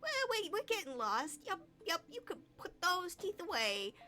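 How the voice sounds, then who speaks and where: A woman's voice: mid-range voice, big pitch swings, measured pace, pushed and bright, soft background music. Woman doing a mocking sea tormentor. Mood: playful. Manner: mocking, sing-song. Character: teasing mischievous sea tormentor.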